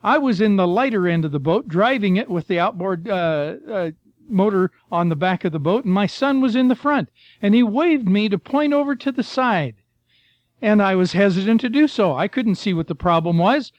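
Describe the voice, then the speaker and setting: A man's voice: high-pitched, moderate pace, no room sound, lo-fi sound. An older man preaching a sermon in a folksy storytelling way, reading Scripture and telling missionary stories. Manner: folksy, storytelling, addresses listeners as folks and friend.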